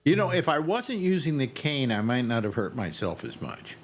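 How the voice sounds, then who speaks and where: A man's voice: medium pitch, big pitch swings, normal speed, slight background noise. A man on a talk panel, bantering and mock-complaining to his friends. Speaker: panel member. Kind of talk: casual banter.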